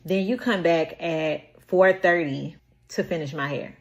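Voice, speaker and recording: Young woman, low-pitched, casual storytime, punchy and repetitive delivery. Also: measured pace. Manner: emphatic, repetitive recounting.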